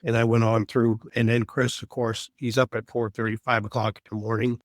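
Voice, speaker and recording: A man's voice: mid-range voice, level tone, moderate pace, few pauses, dry recording. Man co-host explaining in a dry close sound. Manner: earnest storytelling, explanatory. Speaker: podcast co-host. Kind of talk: casual podcast chat.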